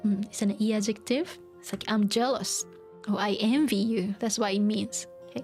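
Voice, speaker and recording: A woman's voice: medium pitch, fairly even intonation, moderate pace, a little mellow, faint music behind. A woman teaching a language while streaming a video game, thinking aloud and explaining step by step with lots of fillers. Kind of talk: live-streamed gaming lesson.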